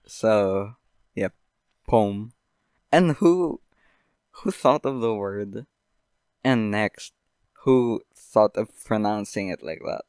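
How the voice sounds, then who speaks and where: A young man hosting a podcast, rambling through an absurd deadpan comedic monologue full of fillers. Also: fairly low pitch, takes it slowly, clean tone, no room sound. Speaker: podcast host.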